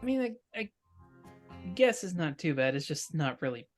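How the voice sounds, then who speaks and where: A man's voice: on the high side, sing-song, normal speed, soft background music. A man voicing an awkward teenage boy superhero in a tabletop role-play, hesitant and stammering with a wry edge. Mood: flustered.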